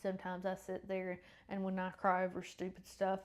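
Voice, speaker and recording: A woman's voice: medium pitch, monotone, moderate pace. A woman hosting a faith podcast who chats in a rambling, self-correcting way and sounds a bit congested. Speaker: podcast host. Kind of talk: casual faith chat and Bible reading.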